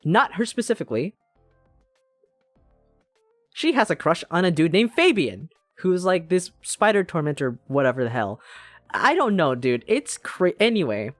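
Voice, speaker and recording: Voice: medium pitch, sing-song, normal speed, no room sound, soft background music. Rambling, swearing game streamer. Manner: rambling, profane, self-interrupting. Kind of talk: casual game-stream chat.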